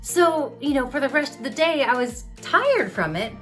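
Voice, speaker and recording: A woman's voice: high voice, sing-song, normal speed, soft background music. Woman telling a candid personal story. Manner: open, confessional, conversational with fillers. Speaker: vlogger sharing her epilepsy journey.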